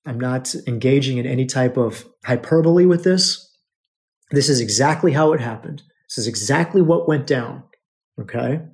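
Gravelly-voiced man telling an emotional story. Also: mid-range voice, normal speed. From United States. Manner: emotional, repetitive, addresses listeners as brothers. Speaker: podcast host. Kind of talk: personal storytelling monologue.

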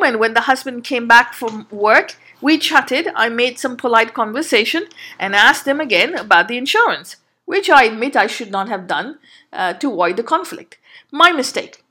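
A woman's voice: a little high, expressive, normal speed, pushed and bright. A woman telling a personal story in an earnest, emphatic monologue, sometimes restarting her sentences. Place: Canada.

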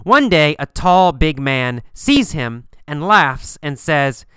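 Slow, emphatic storytelling from a male English teacher lets listeners copy each phrase of his pronunciation lesson. He sounds crisp and bright, his pitch lively and varied, captured in a dry, close recording.

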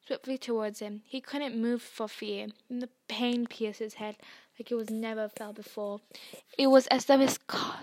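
A woman reads a novel aloud, slow and hushed as she tells the story. Her voice sits slightly high. The recording is dry, with no room sound. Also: no room sound. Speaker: reader.

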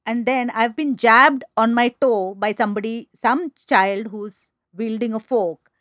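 A woman's voice: a little high, measured pace, fairly bright tone, no room sound, studio quality. A middle-aged woman, telling a candid anecdote in conversation and acting out the people she quotes.

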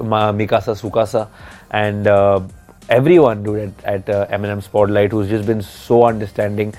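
A man's voice: on the low side, darkish tone. A man in his thirties co-hosting a casual podcast with his wife, rambling and joking, tired from lack of sleep. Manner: rambling, joking, self-interrupting. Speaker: podcast co-host. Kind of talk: casual couple's podcast chat.

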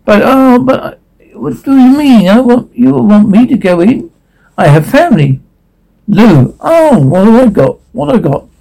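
A nervous, bumbling coward from a 1940s radio comedy, as a man plays him. His voice rides high and whiny, jittery and excitable, with a mellow, rounded tone. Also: unhurried, creaky, full character voice, low-quality recording. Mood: panicked. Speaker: comedy sidekick.

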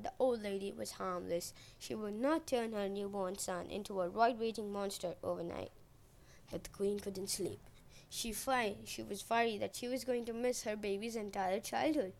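A woman's voice: medium pitch, creaky, a little mellow. A woman podcast host retelling a myth in a playful, wry way.

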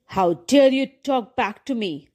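A woman's voice: on the high side, lively intonation, measured pace, a little mellow. A woman voicing a cruel stepmother who scolds sharply in a storybook. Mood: angry.

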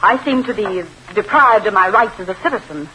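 A woman's voice: mid-range voice, brisk, sharp tone, slight background noise, lightly acted, low-quality recording. A woman playing an anxious, pleading widow. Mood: distraught. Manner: breathless, pleading, emotional. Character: anxious young widow, emotional, defensive. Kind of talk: 1940s radio drama acting.

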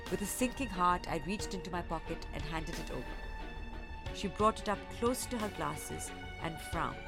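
A woman storyteller reading a children's story aloud, expressive and acting out each character. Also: lowish voice, moderate pace, creaky, over music.

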